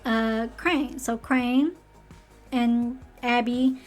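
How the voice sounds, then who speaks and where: A slightly hoarse woman chatting animatedly through a casual rant recapping a TV show, acting out the characters' lines as she goes. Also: on the high side, steady tone, extremely slow, soft background music. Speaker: show commentator.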